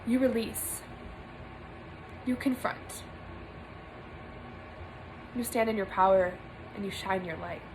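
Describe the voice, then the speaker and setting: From a small room, a young woman speaks to camera in an earnest spiritual monologue, stressing her points by repeating phrases. Her medium-pitched voice is slow and often pauses, with a noisy background behind her.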